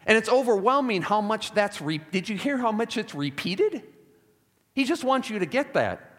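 A man's voice: high-pitched, very animated, moderate pace, a bit bright. A man preaching a sermon, emphatic and repeating key words for stress, with wry asides. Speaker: pastor. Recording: long hall reverb.

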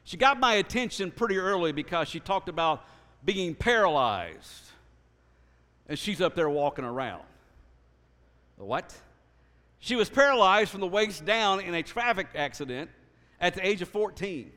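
A man with a rather high voice tells his personal story of faith to a congregation. He speaks earnestly and animatedly, doubling back on his words. His voice carries a long reverb, as if in a large hall. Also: moderate pace. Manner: earnest, animated, with frequent restarts. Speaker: speaker sharing his testimony.

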